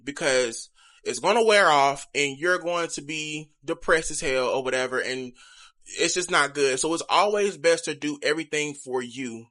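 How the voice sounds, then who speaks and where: A man's voice: a little high, sharp tone. A young man talking to viewers in a candid, chatty confessional vlog. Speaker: vlogger.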